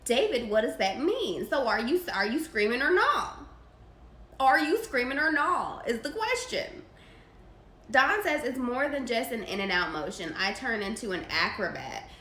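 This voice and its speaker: A woman's voice: on the high side, sing-song, measured pace, pushed and bright. A young woman hosting a live podcast Q&A, reading chat questions aloud and reacting in a brash, profane, laughing way. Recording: echoey room with faint ambient noise.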